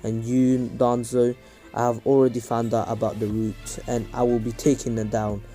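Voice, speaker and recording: A man voicing an old village leader in a fan story, measured, quiet and low. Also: flat delivery, faint music behind, natural voice. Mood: stern. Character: old male village leader, calm authority.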